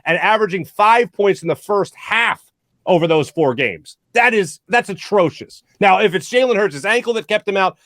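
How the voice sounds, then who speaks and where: High-voiced man hosting sports talk. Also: moderate pace, dry recording, studio quality. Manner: animated, rambling with restarts. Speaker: host.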